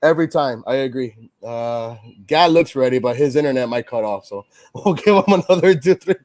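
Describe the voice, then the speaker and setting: A man's voice: mid-range voice, animated, normal speed, darkish tone. A man hosting a casual sports show, venting with frustration, swearing and rambling through restarts. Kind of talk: casual pregame-style sports chat, venting.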